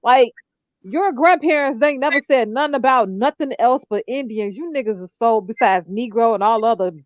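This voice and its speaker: A woman's voice: on the high side, moderate pace, no echo. A woman in casual chat, exasperated and cursing, often laughing. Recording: dull lo-fi dry sound.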